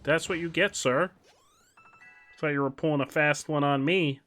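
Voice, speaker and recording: A young man streaming a game, chatting casually, switching between muttered asides and loud excited outbursts. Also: fairly high pitch, normal speed, soft background music. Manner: excitable, shifts from mumbling asides to loud exclamations. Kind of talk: casual live-stream commentary while gaming.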